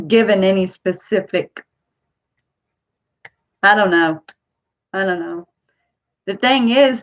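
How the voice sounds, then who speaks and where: Slow-talking woman with a Kentucky accent. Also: medium pitch, dull audio. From Ohio. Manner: chatty, rambling, unhurried. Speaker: vlogger. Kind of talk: casual chat to camera.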